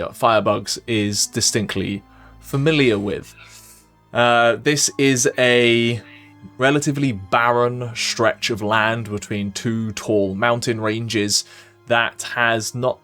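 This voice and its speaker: A man with a Welsh accent, narrating a tabletop game as game master in a measured storytelling way. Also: lowish voice, fairly bright tone. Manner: measured storyteller, casual asides.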